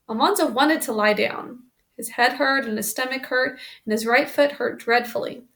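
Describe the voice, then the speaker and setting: Gravelly woman reading a storybook. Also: a little high, fairly bright tone. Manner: pauses to explain the story in plain asides. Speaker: reader. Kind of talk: reading a children's book aloud.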